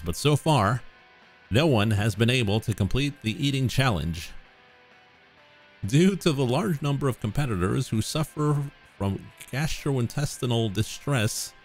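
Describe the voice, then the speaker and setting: A man's voice: mid-range voice, gravelly. A man streaming a visual novel, reading the narration and characters aloud and breaking off into joking asides. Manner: reads narration, then drops into joking asides.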